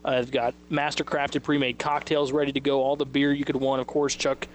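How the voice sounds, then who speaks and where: A man hosting a sports radio show live from a liquor store, chatting casually and quickly, sometimes mimicking other people's voices. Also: medium pitch, little pitch movement, a little hiss or hum.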